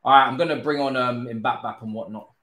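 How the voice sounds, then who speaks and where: A young man, commentating his own football game live, groaning, swearing and now and then cheering loudly. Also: mid-range voice, fairly even intonation, a little fast, echoey room. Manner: exasperated, groaning and swearing, swinging to loud cheers. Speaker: gaming streamer.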